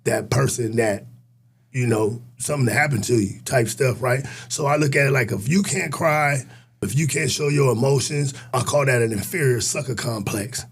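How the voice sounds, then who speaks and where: A man's voice: medium pitch, moderate pace, vocal fry, husky. A middle-aged man, a guest on a podcast, speaking emphatically in casual conversation and often checking in with "right?". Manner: emphatic, repeats his points, asks "right?".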